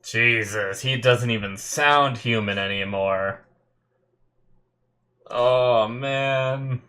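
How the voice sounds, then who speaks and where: A man reacting aloud to an anime episode, exclaiming and thinking out loud, getting teary and emotional. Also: medium pitch, very slow. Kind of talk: live reaction commentary.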